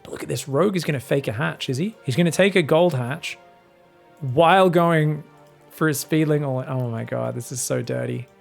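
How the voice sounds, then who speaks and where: An Australian man giving excited, casual, jokey esports commentary, sometimes swearing. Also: on the high side, normal speed, vocal fry, faint music behind. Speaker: esports caster.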